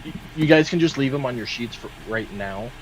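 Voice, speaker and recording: A man's voice: mid-range voice, lively intonation, fairly quick, lo-fi sound, noisy background. A man playing a tabletop game, talking in a practical, organizing way. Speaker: player. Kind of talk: casual tabletop play.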